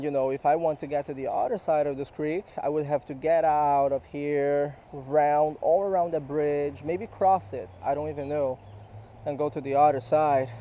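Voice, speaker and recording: The voice is fairly high yet dark in tone, with the highs cut off and a little hiss or hum. It belongs to a man fishing beside a creek who chats directly with viewers in casual outdoor vlog narration.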